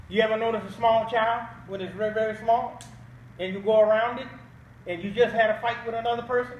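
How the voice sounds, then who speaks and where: Older male guest preacher with a very high voice, emphatic and questioning, recorded from afar in an echoey hall. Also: fairly even intonation, a little fast, lo-fi sound, a little hiss or hum. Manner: emphatic call-and-response with rhetorical questions. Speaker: guest speaker. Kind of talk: Islamic preaching at an awards banquet. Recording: echoey hall audio from a distant mic.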